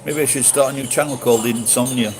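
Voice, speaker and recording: A middle-aged man from Sheffield with a softened Yorkshire accent, rambling through a late-night monologue, swearing casually and restarting his sentences. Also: medium pitch, steady tone, quick pace, background noise. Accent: Yorkshire English, softened. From Sheffield, England. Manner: meandering, swears casually, many restarts and fillers.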